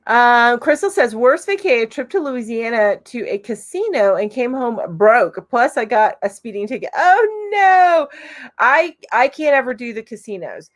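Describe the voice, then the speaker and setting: A woman's voice: fairly high pitch, expressive, moderate pace, few pauses. A chatty, upbeat woman in her forties from Florida, hosting a casual live stream where she reads viewer comments aloud and laughs often. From Florida, USA.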